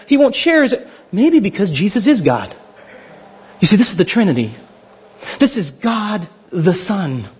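Man preaching in a loose, humorous style; high and husky voice, dull recording. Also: darkish tone. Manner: conversational, jokey preaching with playful acted quotes. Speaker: pastor. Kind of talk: sermon.

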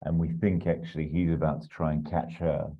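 Brisk and flat, this bass voice belongs to a podcast host casually chatting about an imagined film plot. He rambles with plenty of ums and asides, and the audio is dull and muffled.

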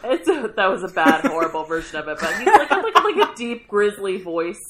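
A woman rambles and jokes about a novel among friends. Her voice swings up and down a lot, and there is clear chatter behind her. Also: mid-range voice, a little fast. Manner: animated, joking, rambling. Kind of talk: casual book-club chat.

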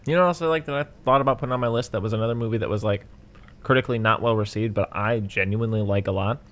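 A man's voice: on the low side, rapid-fire, a bit bright. Laid-back young man chatting about films. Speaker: podcast co-host. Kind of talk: casual chat.

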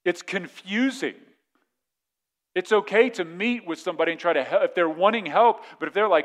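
A male pastor delivering a sermon in a loose, conversational style. His voice sits a bit high for a man, and he stumbles over repeated words while checking in with his listeners. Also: moderate pace. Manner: conversational, repeats words, asks the congregation questions.

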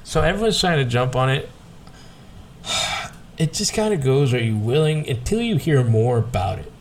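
A man's voice: medium pitch, very animated, normal speed, a little hiss or hum. A man co-hosting a podcast, talking in an easygoing, rambling way with many hesitations. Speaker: podcast co-host. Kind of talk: casual whiskey chat.

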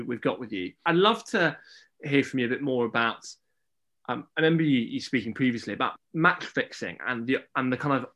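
Bright-voiced male interviewer. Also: mid-range voice. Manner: conversational, hesitant fillers while framing questions. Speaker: interview host. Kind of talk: casual interview questions.

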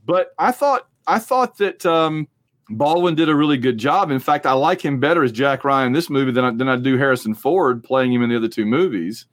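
A man co-hosting a casual movie podcast, talking in a rambling, jokey, animated way. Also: mid-range voice, brisk, dry recording. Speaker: podcast co-host.

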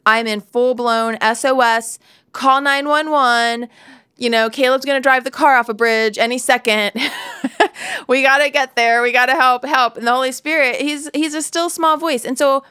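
A woman in her forties teaches from the Bible in a candid, storytelling way, laughing at herself and wandering into asides. Her voice is smooth and clear, sitting a little high. The studio sound is close and dry. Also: sharp tone, no room sound. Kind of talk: devotional Bible teaching talk.

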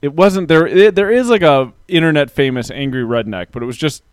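A man's voice: fairly high pitch, animated, a little fast, clean tone, dry recording. Laughing, rambling podcast co-host man. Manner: rambling, laughs often, says "like" a lot. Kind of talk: casual chat.

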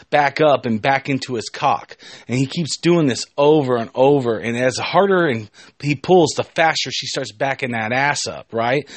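Give me a man telling a casual story, medium pitch, dry close sound. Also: a bit bright, no room sound. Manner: rambling, jokey asides. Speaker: podcast host.

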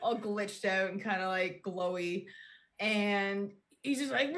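A woman of middle pitch co-hosting a casual podcast. She rambles as she retells scenes and acts out the characters loosely, swearing as she goes. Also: fairly even intonation, moderate pace, fairly bright tone. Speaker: podcast co-host.

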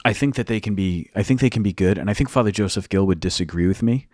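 A man's voice: fairly low pitch, fast talker, darkish tone, no room sound, studio quality. A man co-hosting a casual podcast as a youth minister and teacher, explaining at length with many restarts.

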